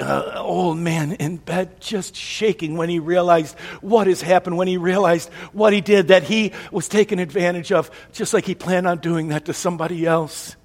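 A male preacher, husky-voiced, telling a story from the pulpit with dramatic swings in volume. Long reverb of a large hall hangs on his words. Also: high voice. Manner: dramatic, swings between soft and loud. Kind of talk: sermon retelling a story.

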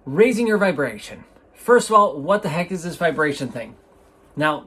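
A man's voice: a little high, a bit bright, breathy edge. A man hosting a podcast, chatting casually and enthusiastically, rambling and often restarting his sentences, recorded on a microphone in an indoor room. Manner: enthusiastic, rambling, self-interrupting. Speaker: podcast host. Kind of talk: casual solo podcast talk. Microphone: studio microphone.

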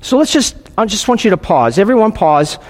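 A man preaching a sermon, leading a silent prayer and reading scripture in an earnest, pausing way with frequent restarts. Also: high voice, big pitch swings. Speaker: pastor. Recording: long hall reverb.

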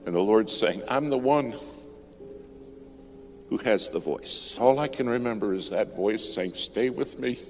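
A man preaching a sermon as a story, dramatic, rising to loud peaks and dropping to near whispers. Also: on the low side, measured pace, long pauses. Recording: music bed under the voice.

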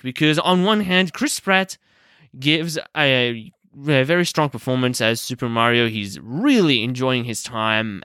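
A young man hosts a casual film review, talking through his thoughts with plenty of fillers and restarts. His voice is bright and forward, and the recording is dry and close, with almost no room sound. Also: mid-range voice, no echo. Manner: hesitant, many fillers and self-corrections. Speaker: movie review host.

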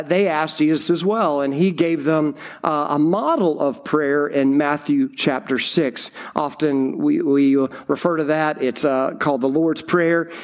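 A middle-aged man, a campus pastor, giving a conversational sermon full of stories and fillers. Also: fairly high pitch. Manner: conversational, anecdotal storytelling with frequent fillers.

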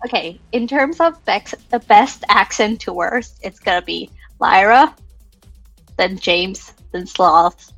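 Slow-talking giggly woman player. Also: mid-range voice, fairly bright tone, dry recording, soft background music, poor audio. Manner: giggly and self-deprecating. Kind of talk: casual chat during tabletop game.

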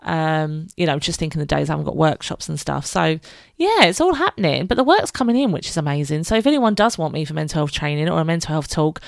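Low, gravelly British woman chatting. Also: lively intonation, a little fast, no echo, clean studio sound. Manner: chatty, candid, laughs often, swears freely. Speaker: podcast host. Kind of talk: casual solo podcast chat.

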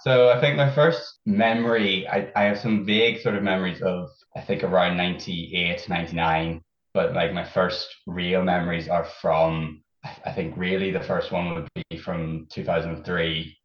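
A man's voice: low voice, steady tone, moderate pace, roomy sound, dull audio. A man with an Irish accent, a podcast guest, chatting casually and laughing, often restarting his sentences. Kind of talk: casual chat.

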